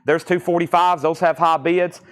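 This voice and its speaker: A man's voice: a little high, steady tone, normal speed, faint music behind. A man with a Southern US accent hosting a live-stream record auction, chatty and rambling as he reads out titles and prices. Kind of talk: live-stream sales patter.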